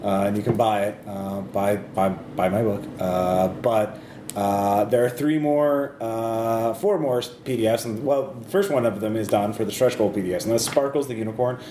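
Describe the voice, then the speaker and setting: A man's voice: lowish voice, fairly even intonation, normal speed, mellow. A man hosting a casual group podcast, talking in a meandering, hesitant way and often correcting himself. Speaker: podcast host. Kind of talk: casual group chat about a tabletop campaign. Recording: echoey room with clear background noise.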